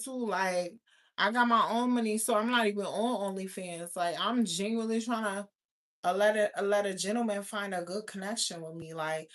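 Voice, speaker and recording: A woman's voice: medium pitch, a bit bright. A young adult woman hosting her own channel, talking brashly and with lots of profanity, laughing often. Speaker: YouTube host. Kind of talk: casual livestream chat.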